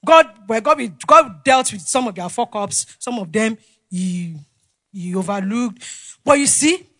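A woman preaching a sermon, asking the congregation questions and swinging between loud exclamations and quiet asides. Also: fairly high pitch, expressive, unhurried, no echo.

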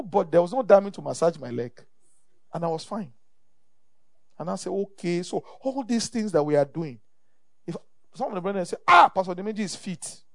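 A man's voice: high-pitched, gravelly, dry recording, studio quality. A middle-aged Nigerian man preaching a sermon as pastor, emphatic and repeating his phrases, calling the congregation for amen.

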